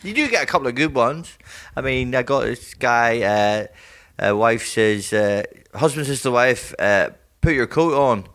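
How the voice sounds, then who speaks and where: A man's voice: medium pitch, measured pace, few pauses, clean tone. A middle-aged man chatting as a comedian guest, telling anecdotes and jokes and acting out the people in them. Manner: animated storyteller, acts out voices in his stories.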